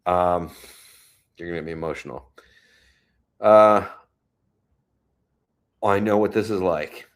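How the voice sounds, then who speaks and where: A man hosting a casual livestream from home, chatting and reading viewer comments aloud. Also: a bass voice. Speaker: livestream host. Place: home, New York City.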